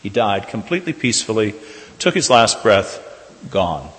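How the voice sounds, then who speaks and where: Low-voiced priest preaching in a church. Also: male voice, big pitch swings, fairly bright tone. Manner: measured storytelling, slowing for emphasis. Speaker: Catholic priest. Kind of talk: sermon with personal story. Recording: reverberant church hall.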